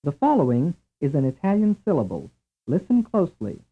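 A man giving a scripted language lesson in a measured, clear, deliberate drill delivery. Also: on the high side, wildly swooping pitch. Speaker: language instructor. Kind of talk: scripted instructional narration. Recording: tinny, lo-fi old tape recording.

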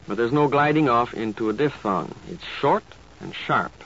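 A man teaching pronunciation in slow, carefully enunciated scripted narration, like an old instructional tape. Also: mid-range voice, expressive, a bit bright. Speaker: language teacher. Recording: dull lo-fi tape with faint hiss.

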